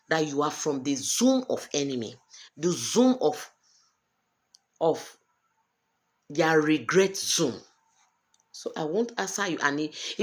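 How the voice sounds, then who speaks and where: Earnest Nigerian woman vlogging. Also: deep voice. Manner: emphatic, repetitive, earnest. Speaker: vlogger sharing a personal story. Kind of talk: personal vlog monologue.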